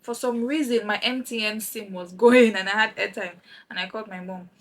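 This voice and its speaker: A young woman from Nigeria telling a lively travel story while doing her makeup, acting out the other people's lines. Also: medium pitch, fairly quick, slight background noise, poor audio. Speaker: vlogger. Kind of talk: chatty get-ready-with-me story time.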